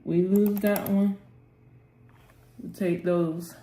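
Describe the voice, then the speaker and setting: A woman's voice: medium pitch, flat delivery, drawn-out words, dark tone. A woman hosting a live trading session, calling out prices and urging the chart on with short prayers and terms of endearment. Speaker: trading channel host. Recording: roomy echo with faint music.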